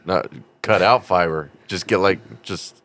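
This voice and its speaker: A man's voice: sits low, measured pace, a bit bright. A man co-hosting a comedy podcast, explaining things matter-of-factly in casual chat, sometimes stumbling and restarting his words. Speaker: podcast co-host.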